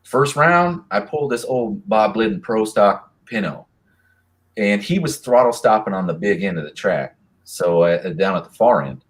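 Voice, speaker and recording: A man, a drag racer and racing association president, tells stories casually in a live Q&A, rambling and animated. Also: fairly low pitch, normal speed. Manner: rambling, animated, voices other people's lines.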